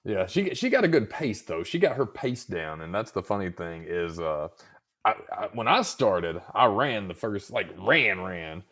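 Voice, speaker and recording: Male podcast host, slightly hoarse, low and animated delivery, loose profane rambler. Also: a little slow. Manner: rambling, swears freely, self-mocking. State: slightly scratchy throat. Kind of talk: casual chat.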